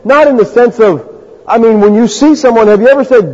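Speaking fairly quickly in a very high-pitched, darkish voice, a pastor delivers a sermon in a conversational style. He acts out the people he quotes for the congregation, and the lo-fi recording carries long reverb from the hall.

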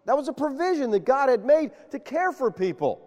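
A man preaching a sermon, animated and quizzing his congregation with questions. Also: very high-pitched, fairly quick. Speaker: pastor. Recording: long reverb of a large hall.

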